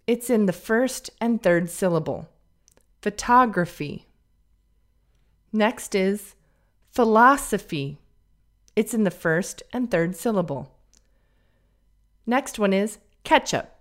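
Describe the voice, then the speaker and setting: A woman teaching pronunciation on a podcast, slowly modeling vowel sounds and example words for listeners to repeat. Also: mid-range voice, expressive. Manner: slow, careful, drawn-out modeling of vowel sounds.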